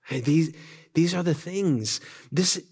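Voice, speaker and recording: A middle-aged man preaching with a fairly high-pitched voice. He talks earnestly and conversationally, repeats words as he goes, and drops in quick asides to the congregation. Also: expressive, a little mellow, slightly rough. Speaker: pastor. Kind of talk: sermon.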